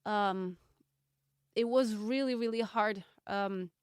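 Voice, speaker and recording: A woman hosting a solo podcast, reflecting candidly and thoughtfully, with frequent ums and pauses. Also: mid-range voice, smooth, dry recording, clean studio sound. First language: Portuguese. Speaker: podcast host.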